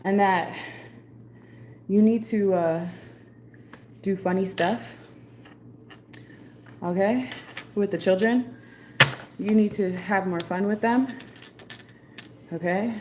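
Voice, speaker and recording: A woman's voice: mid-range voice, takes it slowly, pauses often, noisy background. A woman giving a chatty, rambling live-stream card reading, passing on messages from spirits. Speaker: psychic card reader.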